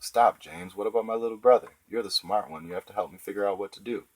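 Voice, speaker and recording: A man's voice: fairly low pitch, fast talker, a little mellow, pitched above the performer's own voice, close to an everyday voice, poor audio. A man reading the part of a tough fifth-grade boy who is blunt and pushy. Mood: anxious, pushy.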